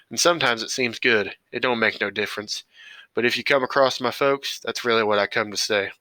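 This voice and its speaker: A man's voice: medium pitch, pushed and bright, smooth, no room sound, close to an everyday voice, poor audio. A man reading a lonely, resigned farmer. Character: lonely, resigned man staying alone on the land.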